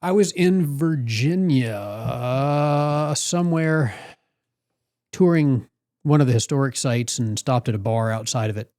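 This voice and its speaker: A man's voice: medium pitch, unhurried, a little mellow, no room sound, clean studio sound. A man co-hosting a beer podcast, chatting casually and rambling with lots of fillers. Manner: rambling, with many fillers and frequent laughter. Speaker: podcast co-host. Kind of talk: casual chat.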